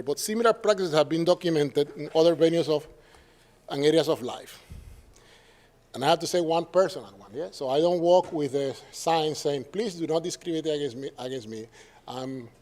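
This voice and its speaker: A man speaking English with a Puerto Rican Spanish accent delivers a symposium lecture in a fairly high voice. He keeps it conversational and wry, tossing quick tag questions to his listeners between points. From Puerto Rico. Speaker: professor giving a symposium talk. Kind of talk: public lecture.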